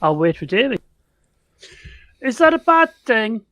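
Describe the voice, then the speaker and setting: A man's voice: extremely high pitch, very animated, a little slow, pushed and bright, no echo. An older man in casual, jokey chat as a player in a tabletop game. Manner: jokey, playful.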